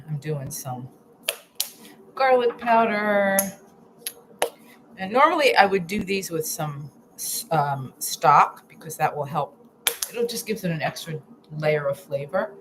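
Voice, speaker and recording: A woman's voice: low voice, noisy background. Chatty woman cooking live in her kitchen. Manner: chatty, thinks aloud while chopping, with restarts and hums of tasting. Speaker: healthy-eating coach hosting a live stream. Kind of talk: casual live cooking chat. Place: home kitchen.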